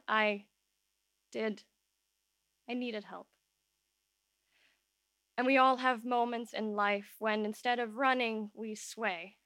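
A woman telling a true personal story live on an open-air stage, emotional and halting, voice shaking at times. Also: a little high, a bit bright, no echo, clean studio sound.

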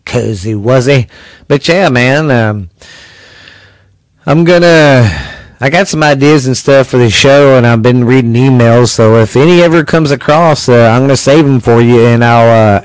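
A man's voice: medium pitch, unhurried, no room sound. A man hosting a podcast, chatting casually and laid-back, full of fillers, calling his guest cuz. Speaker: podcast host.

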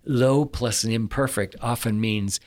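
A man's voice: mid-range voice, a little slow, darkish tone. A man, a scholar on a podcast, explaining casually with chuckles and frequent restarts. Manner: chuckling, self-interrupting with restarts. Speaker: Old Testament scholar.

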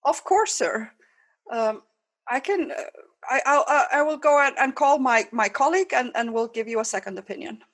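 Woman plays a soft, apologetic male vet in a told joke. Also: high voice, animated, normal speed.

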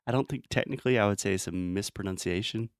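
Low-voiced man teaching pronunciation. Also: smooth, no room sound, studio quality. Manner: explains patiently, models sounds slowly, laughs often. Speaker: English pronunciation teacher, host. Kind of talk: casual pronunciation lesson.

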